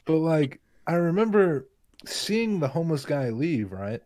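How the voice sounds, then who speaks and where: A man's voice: a little high, very animated, a little slow, a little mellow. Laid-back rambling young man. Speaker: podcast guest. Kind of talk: casual podcast chat.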